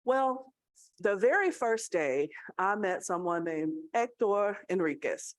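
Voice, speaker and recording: A woman's voice: medium pitch, very animated, slow pace, no echo. A woman with a Southern American accent giving a conversational speech at a staff awards gathering, telling a story and checking in with her audience. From Tennessee, USA. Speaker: college student affairs leader.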